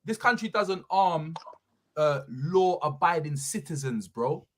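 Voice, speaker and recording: A man's voice: on the high side, expressive, slow pace, a crowd in the background. A man in a casual chat, telling a story emphatically and full of street slang. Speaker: podcast guest telling a story.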